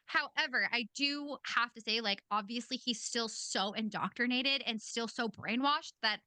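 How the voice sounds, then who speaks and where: Bright, blunt woman podcast host. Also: a little high, dry recording. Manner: blunt, swears freely. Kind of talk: casual commentary.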